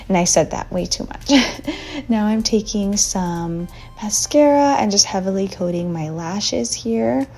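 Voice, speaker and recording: A young woman talking through a makeup tutorial in a chatty, relaxed, slightly slow and sleepy voiceover recorded as a voice memo. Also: fairly low pitch, vocal fry. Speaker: beauty vlogger.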